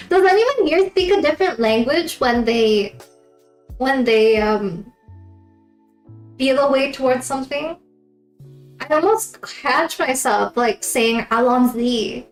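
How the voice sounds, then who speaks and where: A woman live streamer chatting casually with her viewers, giggling often between remarks. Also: high-pitched. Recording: roomy echo, faint background music.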